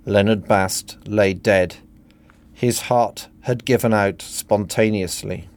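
A man reading his own satirical book parody in a dry, deadpan narration. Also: fairly low pitch, slow pace.

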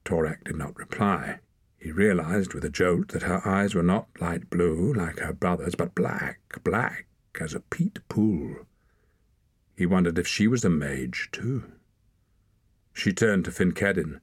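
A man's voice: low-pitched, lively intonation, measured pace, breathy edge, no echo. A man narrating a story as an audiobook reader, reading expressively. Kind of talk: scripted narration.

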